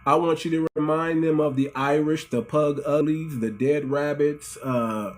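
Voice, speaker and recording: American man, middle-aged, casual livestream host, animated, slightly high voice, repeats himself. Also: measured pace. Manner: animated, repeats phrases, addresses audience as family.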